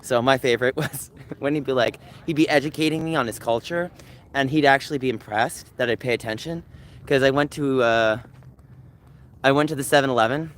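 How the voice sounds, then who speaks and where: Brisk and fairly bright in a mid-range voice, a man live streams while walking around a dog park. His talk rambles as he reads chat aloud and speaks to dogs, over faint outdoor noise and barking.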